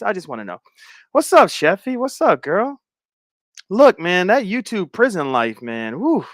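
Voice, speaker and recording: Animated, teasing male livestream host. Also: fairly high pitch, no room sound, studio quality. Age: middle-aged. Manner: playful, teasing, laughs often. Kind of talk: casual chat reading viewer comments.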